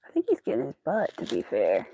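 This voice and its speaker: Woman, crochet vlogger, casual chat, cooing baby talk to a dog, gravelly fry. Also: a bass voice, huge pitch swings, a little fast, dark tone, a little hiss or hum. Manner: coos baby talk at her pet.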